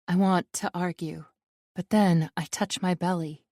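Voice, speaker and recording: A woman narrating a first-person romance audiobook in an even, measured reading. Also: fairly low pitch, no echo, studio quality.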